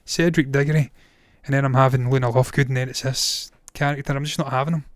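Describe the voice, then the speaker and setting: At medium pitch and a quick pace, with fairly even intonation, a man in his thirties ranks films on a casual live stream. This film reviewer and live-streamer is blunt, opinionated and swears freely, his voice tired and strained after hours of talking, in studio-quality audio with no echo.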